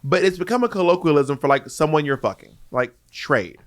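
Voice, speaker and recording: A man's voice: on the high side, brisk, no echo, clean studio sound. A man co-hosting a podcast in casual, teasing chat, often laughing. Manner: animated, laughing, playful teasing. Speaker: podcast co-host.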